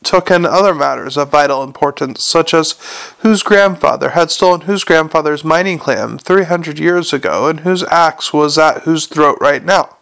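A man's voice: a little high, moderate pace, gravelly, a bit bright. A man narrating a comic fantasy story aloud in a wry way, with the odd slip and restart. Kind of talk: audiobook narration.

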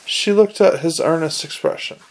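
A man's voice: fairly high pitch, normal speed. A man reading a comic fantasy novel aloud, with occasional slips and self-corrections. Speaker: narrator.

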